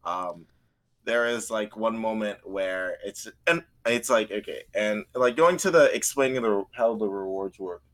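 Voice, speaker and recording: A livestream co-host with a lowish, slightly slow, somewhat bright voice chats casually, rambling through work stories and restarting often as he corrects himself.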